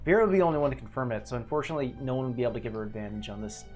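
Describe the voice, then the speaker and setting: Rambling game master man, soft music bed. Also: mid-range voice, racing. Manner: relaxed, rambling narration with fillers. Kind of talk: narrating a tabletop game.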